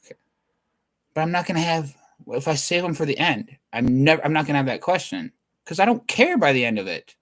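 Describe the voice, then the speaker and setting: A man's voice: fairly high pitch, big pitch swings, a little fast, a bit bright. A man doing a rambling comedic monologue, cutting himself off and restarting thoughts mid-sentence.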